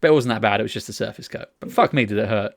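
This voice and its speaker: A man's voice: lowish voice, racing, gravelly. A man co-hosting a casual podcast, telling rambling, sweary stories full of restarts. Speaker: podcast co-host. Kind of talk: casual chat.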